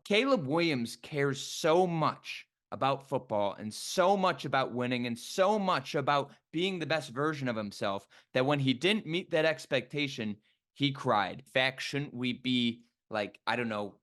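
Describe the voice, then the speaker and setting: Bright-voiced man ranting about football. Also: mid-range voice. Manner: animated, emphatic, quick asides. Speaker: sports radio producer and vlogger. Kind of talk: casual opinion rant to camera.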